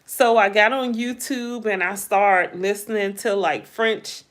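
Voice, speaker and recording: A middle-aged woman hosting a casual livestream, chatting with viewers, asking them lots of questions in a playful, drawn-out way. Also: medium pitch, fairly even intonation. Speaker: livestream host. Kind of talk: casual livestream chat reading viewer comments.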